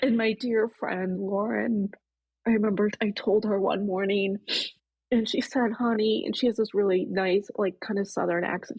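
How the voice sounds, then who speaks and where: A woman appearing as a podcast guest earnestly retells an emotional personal story, animated and quoting her own past inner thoughts. Her husky voice is medium in pitch at a normal speed, and the recording is muffled with no echo.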